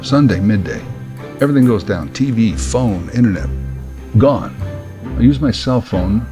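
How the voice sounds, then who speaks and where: A man's voice: on the low side, moderate pace. Guy doing a dry funny story monologue, music playing behind. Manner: wry, deadpan punchlines. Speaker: podcast host.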